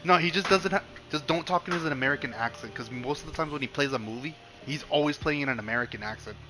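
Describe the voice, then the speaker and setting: Rambling, bright-voiced young man streamer. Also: mid-range voice, fast talker. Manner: rambling, profane, many restarts. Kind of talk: casual chat while streaming a game.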